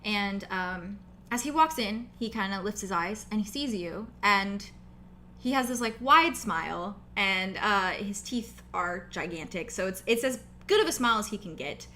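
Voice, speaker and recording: A woman's voice: mid-range voice, lively intonation, moderate pace, bright, forceful tone, slight background noise. A woman running a tabletop game as game master, narrating casually with lots of fillers, over a video call.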